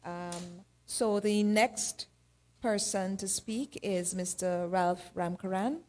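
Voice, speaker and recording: A woman's voice: mid-range voice, takes it slowly, warm tone. A woman moderating a panel, speaking with many fillers.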